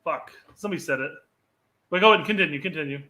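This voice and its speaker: A man's voice: fairly high pitch, very fast, bright, forceful tone. A man co-hosting a casual sports podcast, teasing and joking between reading comments. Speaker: podcast co-host.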